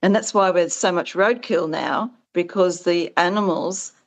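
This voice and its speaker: A woman with a lowish voice speaks unhurriedly in a conversational interview as the founder of a farming support business. She talks earnestly and with animation, and her voice jumps up when she acts out quoted exchanges.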